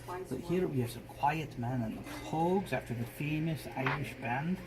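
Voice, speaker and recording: A man co-hosting a comedic live stream, rambling through sarcastic deadpan jokes. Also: on the high side, normal speed, a crowd in the background, poor audio. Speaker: stream co-host.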